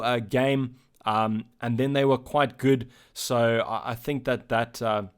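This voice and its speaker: A man with a South African accent hosting a casual live-stream Q&A, reading out chat messages and answering them in a loose, halting way. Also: mid-range voice.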